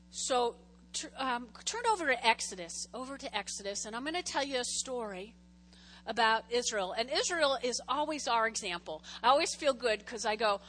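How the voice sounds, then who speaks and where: High, bright-voiced woman preaching. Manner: animated, chatty storytelling that jumps between hushed asides and loud exclamations. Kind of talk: casual Bible-teaching sermon.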